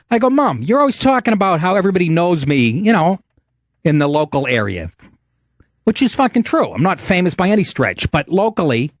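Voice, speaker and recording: A man's voice: mid-range voice, no echo, clean studio sound. A middle-aged man hosting a podcast, telling a profane, indignant comedic story in a rant. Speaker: podcast host.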